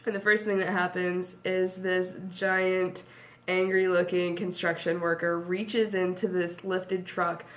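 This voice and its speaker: A woman's voice: fairly low pitch, measured pace. A woman telling a casual anecdote as an interview guest, acting out quotes and laughing often. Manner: lively storyteller, acts out quotes, laughs often.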